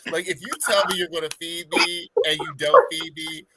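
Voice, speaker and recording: A man's voice: high-pitched, fairly even intonation, moderate pace, very noisy. A man from Maryland, a guest drag performer, chatting on a podcast and telling sassy stories with put-on voices. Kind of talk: casual podcast chat.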